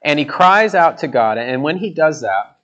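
A man's voice: a little high, lively intonation, moderate pace, a bit bright, highs cut off. A man preaching a sermon, earnest, repeating words for emphasis as he reads and explains scripture.

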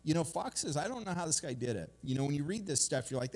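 A man preaching a casual, conversational sermon, telling stories with lively asides to his listeners. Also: fairly high pitch, fast. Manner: chatty, animated storytelling with "you guys" asides. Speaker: pastor. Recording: long hall reverb.

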